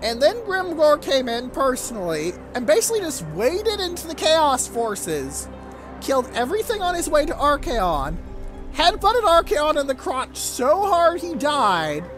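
An animated gamer talks the viewer through a strategy campaign, swearing freely along the way. The pitch leaps around a lot. Game music plays clearly underneath the desk-mic commentary. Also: measured pace. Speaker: let's play gamer. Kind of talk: casual gameplay commentary.

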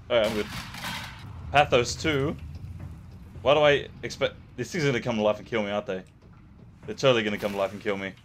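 In an animated mid-range voice with a bit of brightness, a young gamer plays a horror game at a moderate pace with long pauses. Slight background noise sits behind his jokey, profane commentary and jumpy reactions.

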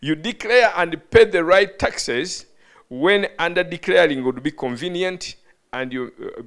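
A man's voice: on the high side, vocal fry, a bit bright. A man preaching a teaching sermon to a live audience in a hall, often calling questions out to listeners and stumbling over words. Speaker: bishop preaching.

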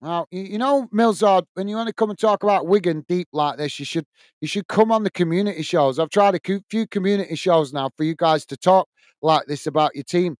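A man's voice: sits high, brisk, darkish tone, no echo. A man hosting a football watch-along, giving live commentary and chatting with viewers, full of fillers and restarts.

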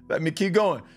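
A man's voice: sits high, fairly bright tone. A man preaching and reading scripture on a live stream, fervent, repeating and restarting lines.

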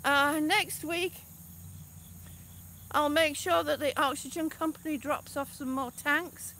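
A woman with a high, bright voice talks slowly and casually to her viewers, pausing often with ums. Faint crickets and insects hum behind her outdoors. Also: fairly even intonation. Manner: chatty, hesitant with many ums. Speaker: vlogger. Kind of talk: casual vlog chat.

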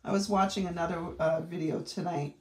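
Demonstrating a craft technique, a middle-aged Maine woman talks chattily with plenty of rambling asides. She speaks fairly quickly in a fairly low, steady voice. The room is echoey.

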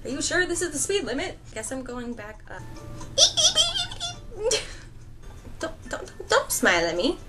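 A young woman giving casual, excitable gameplay commentary, laughing and repeating herself in panic. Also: high voice, a little fast, hardly any pauses, music in the background. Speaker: gaming vlogger.

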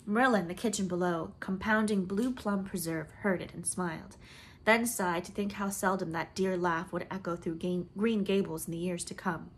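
Woman narrator, classic novel read aloud, lilting emphasis, lowish voice, faint hiss. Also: normal speed. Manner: expressive, lilting reading with swelling emphasis. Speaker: audiobook reader.

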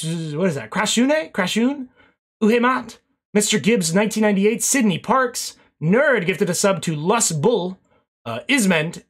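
A man's voice: high-pitched, a bit bright, breathy edge. A young man streaming, rambling casually through thank-yous to his chat and swearing now and then, a little out of breath.

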